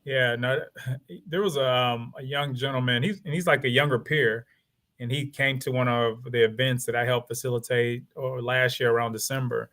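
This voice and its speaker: A man in his thirties with a Southern country twang, a lawyer talking casually as an interview guest and telling animated stories. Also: mid-range voice, moderate pace. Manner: animated storytelling, acts out quoted voices.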